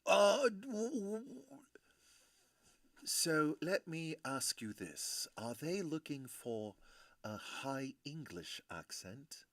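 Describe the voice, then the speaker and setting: Animated joking man hosting a stream. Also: mid-range voice, takes it slowly, dry recording. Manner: joking, animated, rambling banter. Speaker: livestream host breaking trading cards. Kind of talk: casual chat with a live audience.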